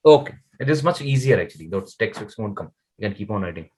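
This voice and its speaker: A male tutor leads an online beginner lesson. He speaks patiently and stretches out example words slowly so they can be copied. His voice is lively in pitch, slightly husky, and comes through video call audio. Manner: patient, explains slowly, models Dutch words very slowly. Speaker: Dutch language teacher. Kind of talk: online one-to-one language lesson.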